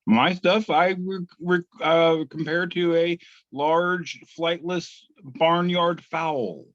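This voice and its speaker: Guy on a podcast going through memes, bit higher voice, um-ing a lot, dry muffled sound. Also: fairly even intonation, a bit bright, no room sound. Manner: halting, many fillers and restarts. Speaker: podcast co-host. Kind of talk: casual chat, reading memes aloud.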